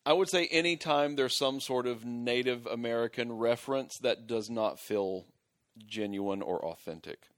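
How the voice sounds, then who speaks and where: A man's voice: medium pitch, normal speed, no room sound, studio quality. A man co-hosting a casual movie podcast, who animatedly acts out quoted lines with gusto. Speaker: podcast co-host. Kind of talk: casual chat.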